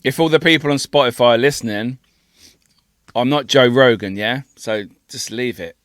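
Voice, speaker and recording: A man's voice: medium pitch, fairly bright tone, dry recording. Blunt, sweary podcast man, dry close sound. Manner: blunt, sweary, quick to laugh. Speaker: podcast co-host. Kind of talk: casual banter.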